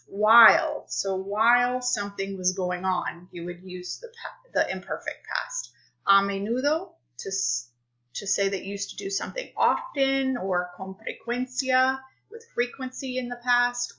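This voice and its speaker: A woman teaching a recorded Spanish grammar lesson, explaining clearly and unhurriedly. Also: medium pitch, pushed and bright, rough recording.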